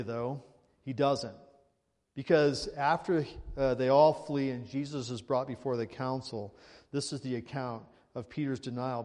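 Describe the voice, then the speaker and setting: A man's voice: mid-range voice, a little mellow, big-room sound. Man preaching with rhetorical questions. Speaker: pastor. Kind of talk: sermon.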